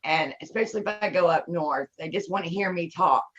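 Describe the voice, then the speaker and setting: A woman's voice: lowish voice, fairly quick, slightly rough. A woman with a Texan accent chatting casually and giggling. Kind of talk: casual chat. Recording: dull lo-fi audio.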